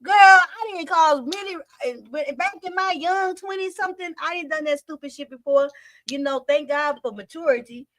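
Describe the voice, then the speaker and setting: High bright-voiced woman reacting chattily. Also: moderate pace, no room sound. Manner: animated, chatty, reads out viewer comments. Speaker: host reacting to a storytime video. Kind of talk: casual reaction chat.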